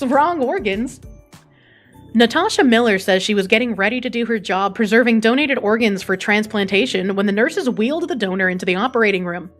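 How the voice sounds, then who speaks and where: Blunt, profane woman streamer. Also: a little high. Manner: blunt, swears freely, reacts to chat. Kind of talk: casual stream chat, reading an article aloud. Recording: faint music behind.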